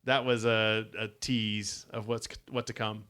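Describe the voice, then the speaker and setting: A man's voice: fairly low pitch, little pitch movement, a little slow, pushed and bright, clean tone. A man co-hosting a podcast, chatting casually and reading a story aloud, easygoing with frequent chuckles. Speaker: podcast co-host.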